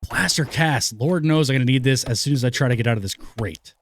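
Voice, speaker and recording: A man casually commentating his own gameplay, rambling and joking to himself with sudden excited whoops. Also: medium pitch, fairly quick, a little hiss or hum. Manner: jokey, rambling, talks to himself and the game; lively swings from mumbles to excited whoops. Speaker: let's play gamer.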